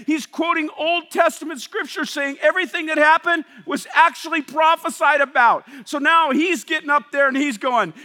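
A man preaching a sermon, swinging from loud emphatic passages to hushed, intense ones. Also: extremely high pitch, moderate pace, hardly any pauses, long reverb tail. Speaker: pastor.

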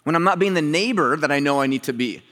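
A man's voice: fast talker, big-room sound. A man preaching a sermon as a pastor, talking in a conversational way and telling a story. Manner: conversational and animated, acting out quoted dialogue with rising pitch.

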